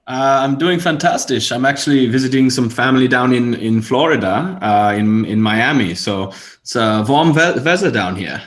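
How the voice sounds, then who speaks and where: A man's voice: mid-range voice, expressive, moderate pace, few pauses. A man appearing as a podcast guest, hesitant and full of fillers, joking along. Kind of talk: casual podcast chat.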